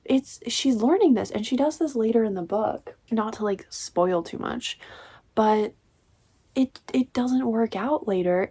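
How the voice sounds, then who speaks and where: A woman's voice: on the high side, unhurried, warm tone, breathy edge. A woman casually ranting as she reviews a book, chatty and exasperated, with lots of "like.".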